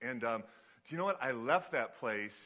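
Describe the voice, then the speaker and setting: A man's voice: medium pitch, lively intonation, normal speed, bright, forceful tone. A middle-aged man preaching a sermon, telling a story in a chatty, self-deprecating way with many fillers. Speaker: pastor. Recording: dull lo-fi sound.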